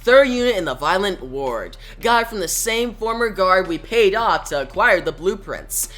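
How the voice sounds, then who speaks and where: A man's voice: sits high, animated, moderate pace, a bit bright. A man reading the lines of a sly male henchman from a comic.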